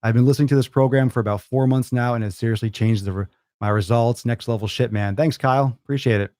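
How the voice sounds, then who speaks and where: A man's voice: medium pitch, fairly even intonation, fast talker, a little mellow, no room sound, clean studio sound. Blunt, profane male fitness host. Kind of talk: casual listener Q&A.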